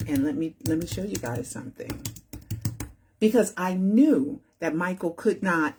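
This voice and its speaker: A woman's voice: on the low side, animated, a little slow, darkish tone, slightly rough. A woman hosting her own channel, giving casual commentary in a rambling, repetitive way and often asking "right?" for agreement. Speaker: channel host.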